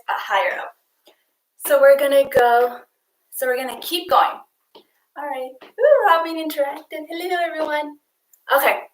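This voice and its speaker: A young woman coach leading girls through an online exercise game, counting reps out loud in an upbeat way. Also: sits high, roomy sound, a little hiss or hum, low-quality recording. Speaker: youth sports coach.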